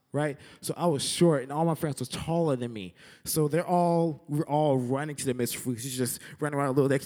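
A young man teaching a lesson through an animated story, acting out scenes with sound effects and saying "like" a lot. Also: a little high. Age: young adult. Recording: echoey hall with long reverb.

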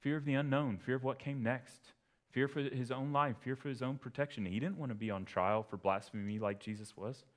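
A pastor giving an expository sermon in a conversational way, breaking into sudden emphatic bursts. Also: male voice, medium pitch, steady tone, fairly quick.

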